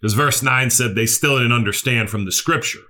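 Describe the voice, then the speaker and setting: A man's voice: mid-range voice, brisk, sharp tone. A male preacher, delivering an earnest sermon that repeats key phrases and asks the listeners questions.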